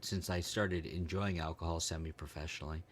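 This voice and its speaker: A middle-aged American man with a very low voice co-hosts a podcast in loose, casual chat. He rambles and jokes, trailing off with ums while he hunts for words. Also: fairly even intonation, fairly quick, a little hiss or hum. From United States. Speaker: podcast co-host.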